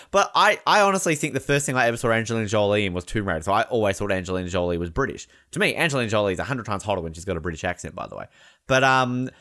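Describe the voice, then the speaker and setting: A man's voice: on the low side, lively intonation, rapid-fire, pushed and bright. An Australian man co-hosting a podcast, chatting casually in a rambling way and laughing often. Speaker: podcast co-host. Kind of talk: casual chat.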